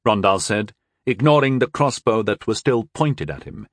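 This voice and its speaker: A man narrating a fantasy audiobook in a measured storytelling style. His pitch moves in lively swings across each sentence. The recording is dry and close, with no room echo.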